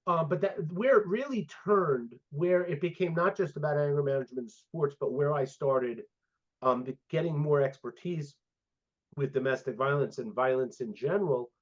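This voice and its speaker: A man in his fifties, a sport psychologist guest, telling stories in a casual interview and acting out the dialogue. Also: on the high side. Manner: animated storyteller, acts out quoted dialogue. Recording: dull lo-fi audio.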